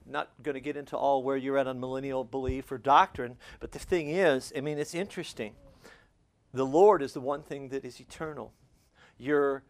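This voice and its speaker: A man preaching to a congregation, shifting between quiet, intimate stretches and loud, fervent passages, closing in prayer. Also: mid-range voice. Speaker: pastor. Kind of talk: sermon.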